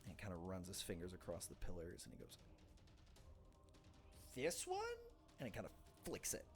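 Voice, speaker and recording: A man's voice: sits low, fast, faint music behind. A man narrating a tabletop game as game master in a loose, rambling way.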